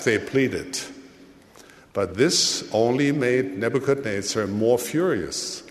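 Slow, measured male preacher in a hall. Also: mid-range voice, animated. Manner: slow, measured delivery with dramatic rises and drops. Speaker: church leader. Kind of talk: sermon. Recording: long hall reverb.

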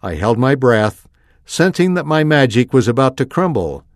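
A man reading a first-person story aloud with an expressive delivery. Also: mid-range voice, unhurried, no echo, clean studio sound. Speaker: reader.

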